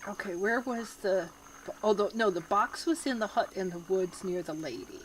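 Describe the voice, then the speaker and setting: A woman's voice: medium pitch, moderate pace, slight background noise. A woman casually livestreaming a puzzle game, chatting with viewers and her pets and laughing often. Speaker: streamer.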